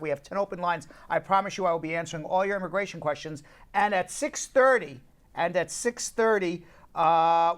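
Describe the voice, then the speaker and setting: A man hosting a live call-in show about immigration. He laughs and jokes with his co-hosts, then turns earnest and keeps repeating his pitch to callers. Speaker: talk show host and immigration lawyer.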